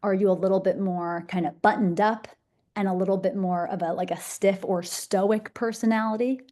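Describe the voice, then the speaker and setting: A woman's voice: medium pitch, fairly even intonation, normal speed, mellow. A young woman presenting a masterclass, bubbly, enthusiastic and conversational. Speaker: social media speaker.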